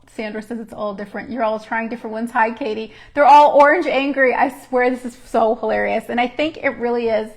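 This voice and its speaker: Chatty woman with a gravelly edge. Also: a little high. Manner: chatty, laughs often, rambling asides. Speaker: numerologist and intuitive counselor hosting a livestream. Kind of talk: casual livestream chat to viewers.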